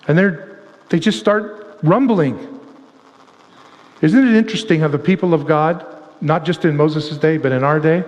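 A man preaching a casual, animated sermon, acting out the voices of the people with humor. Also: fairly high pitch, measured pace, long pauses. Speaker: pastor. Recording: long hall reverb.

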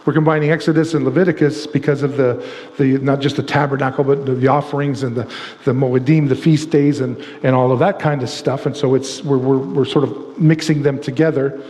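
A man preaching a casual, animated sermon, acting out the voices of the people with humor. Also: medium pitch, fairly quick. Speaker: pastor. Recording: long hall reverb.

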